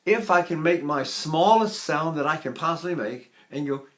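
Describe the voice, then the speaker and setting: A man in his eighties giving a spoken voice lesson in an unhurried, explanatory way, now and then singing or breathing to demonstrate. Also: on the high side, fairly bright tone. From United States. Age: 80s. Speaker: voice teacher.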